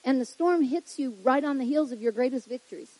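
A woman delivers a casual, joking sermon, turning to the congregation again and again. Her voice sits a little high with a husky grain. The sound is dry and close. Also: fairly quick, darkish tone, dry recording, poor audio. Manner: chatty, joking, with frequent asides to the congregation. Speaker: preacher. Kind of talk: humorous sermon.

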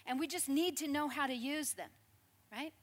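A woman preaching a sermon in a lively, conversational storytelling way, with frequent asides to the congregation. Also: high voice, normal speed.

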